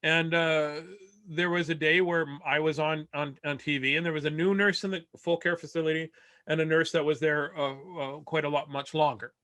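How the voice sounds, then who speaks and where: A man with a fairly high, bright voice tells a long comic story about his family over a video call. He rambles along, stammers through restarts and laughs at his own punchlines. The sound is dry and close, with no room around it. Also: steady tone, moderate pace, no room sound. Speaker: comedian.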